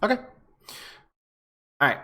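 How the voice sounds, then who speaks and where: A man's voice: unhurried, bright, forceful tone. A man narrating as game master of a tabletop game, casual and full of fillers.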